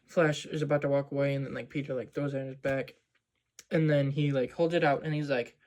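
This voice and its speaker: A man's voice: medium pitch, flat delivery, brisk, darkish tone. A man casually recapping a movie scene by scene, rambling with lots of "like" and "um". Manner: rambling, full of "like" and "um". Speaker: movie vlogger.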